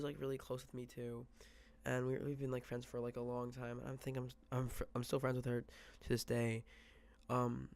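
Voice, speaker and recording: A man's voice: mid-range voice, gravelly. A young man telling a rambling storytime, full of fillers and quoted asides, sometimes dropping to a whisper. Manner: drops to a whisper for quoted thoughts. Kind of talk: casual storytime vlog.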